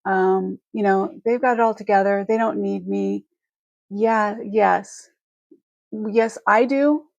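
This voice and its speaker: Woman on a live stream, gravelly voice, dry close sound, heartfelt and rambly, almost crying. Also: medium pitch, steady tone, takes it slowly, darkish tone, dry recording, lo-fi sound. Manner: heartfelt and rambling, with many restarts. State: emotional, near tears. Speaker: host of a live jewelry selling stream. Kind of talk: live-stream chat to viewers.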